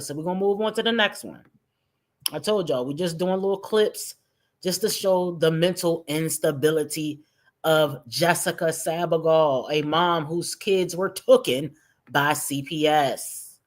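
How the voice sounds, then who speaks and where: A woman's voice: low voice, normal speed. A woman streamer giving sarcastic, mocking reaction commentary and talking straight to her viewers. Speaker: streamer host.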